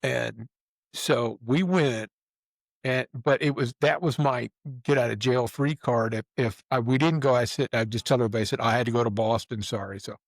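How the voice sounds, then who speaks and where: An older man hosts a relaxed conversation and spins loose, rambling anecdotes with colorful language. His voice sits in an ordinary middle pitch. It is recorded close, with a dry sound and no room echo. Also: normal speed, creaky. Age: 50s or older. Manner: rambling, swearing, restarts and acts out quotes. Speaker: podcast host. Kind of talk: casual storytelling chat.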